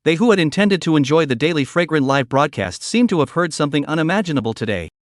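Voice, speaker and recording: Dry, steady male recap narrator. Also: on the high side, fast talker, no room sound. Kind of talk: scripted story recap narration.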